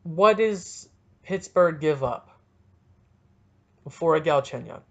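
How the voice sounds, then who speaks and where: A man hosting a casual solo sports podcast, talking in an excitable, rambling and jokey way, with a stuffy nose. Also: a little high, slow, vocal fry, dull audio. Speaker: podcast host.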